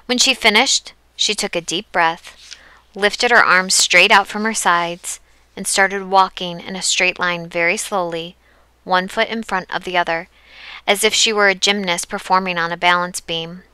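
A woman narrating an audiobook chapter with steady, even storytelling. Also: fairly low pitch, moderate pace, clear, resonant tone, no echo. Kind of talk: scripted narration.

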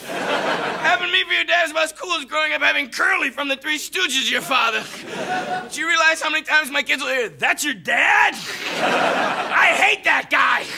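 Raspy high-pitched American man yelling. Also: fairly even intonation, brisk. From United States. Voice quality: raspy, strained high voice, frequent shouting. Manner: manic, stammering, bursts into yells. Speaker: stand-up comedian. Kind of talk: stand-up comedy set. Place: TV studio stage before a live audience. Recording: live TV studio with loud audience. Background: loud audience laughter and noise.

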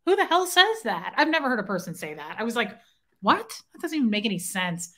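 Slightly high and sing-song, her fairly bright voice moves at a quick clip. She's a young woman running a casual livestream, bantering playfully, voicing viewer comments, and singing a few bars here and there.

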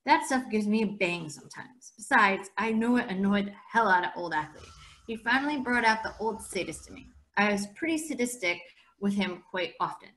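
A woman's voice: medium pitch, animated, normal speed, fairly bright tone. Woman teacher reading a novel aloud. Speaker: English teacher.

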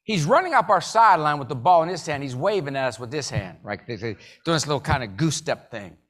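A man giving a live motivational keynote, telling jokey stories and leading the audience in call-and-response with sudden loud bursts. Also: a little high, expressive, a little fast. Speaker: motivational speaker.

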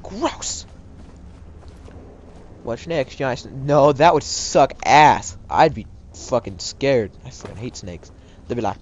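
A man gives casual gameplay commentary in an animated, swooping voice, unhurried between bursts. He is excitable and profane and breaks into shouted outbursts and goofy sing-song. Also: mid-range voice, highs cut off, slight background noise.

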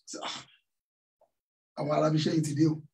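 A man's voice: fairly high pitch, monotone, quick pace, vocal fry, a little mellow, recorded from a distance, low-quality recording. A man preaching a sermon, telling a story and tossing questions out to the congregation. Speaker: pastor. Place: church hall.

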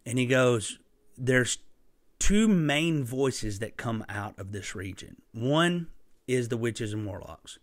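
A man preaches a sermon through a personal story, impassioned and emphatic, breaking into sudden loud bursts. His mid-range voice is animated and he takes it slowly, with no room sound.

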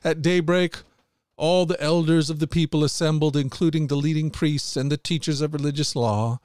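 A man hosting a daily podcast, reading scripture aloud in a steady, earnest voice. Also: on the high side, normal speed, no room sound, clean studio sound. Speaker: host and Bible reader.

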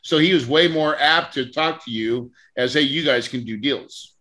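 A man's voice: medium pitch, moderate pace, sharp tone. A man hosting a podcast interview, telling a story with animation, acting out conversations and laughing often. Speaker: podcast host and real estate mentor.

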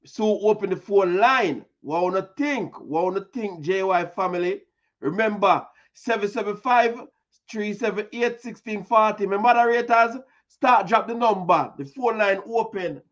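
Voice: mid-range voice, moderate pace, lo-fi sound. A host with a Jamaican accent giving chatty news commentary, repeating words and leaning on fillers. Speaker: online news show host.

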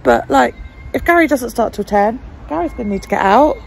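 A woman's voice: on the high side, expressive, fairly quick, vocal fry, slight background noise. A woman vlogging casually, venting her frustration and swearing freely. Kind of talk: casual vlog monologue.

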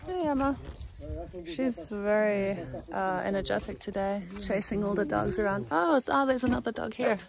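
A young woman vlogs outdoors at a rural property, narrating casually as she films, chatting and laughing often while calling out to her dog. Her mid-range voice has vocal fry and a normal pace. Crowd noise and barking dogs can be heard in the background.

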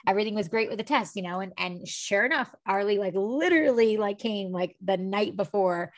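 Brisk and mid-range in pitch, this podcast host rambles through a personal story in casual conversation. She leans heavily on filler words, dropping plenty of "like"s and "you know"s.

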